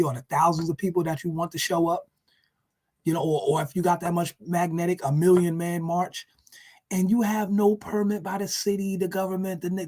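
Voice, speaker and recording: High-pitched man, vlogger mid-rant, profane and mocking, keeps circling back. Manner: animated, profane, repetitive, mocking.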